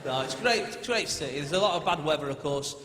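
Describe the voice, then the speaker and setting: A man's voice: on the high side, lively intonation, a little hiss or hum. A man from Manchester with a Manchester accent, performing a chatty stand-up set and bantering with the audience. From Manchester, England. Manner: chatty, quick asides to the crowd. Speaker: stand-up comedian. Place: large theatre stage with a laughing audience. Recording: echoey theatre, loud crowd laughter.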